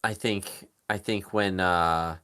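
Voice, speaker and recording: Low-voiced man rambling through a movie chat. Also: fairly even intonation, slow, sharp tone, clean tone. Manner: rambling, laughs while retelling scenes. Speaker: podcast co-host. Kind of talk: casual movie review chat.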